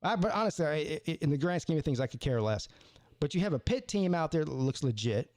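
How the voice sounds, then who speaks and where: Rambling, stammering sports-stream host. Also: male voice, on the high side, lively intonation, a little fast, darkish tone, no echo. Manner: rambling, with stammered restarts and repeated words. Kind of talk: casual live-stream sports talk.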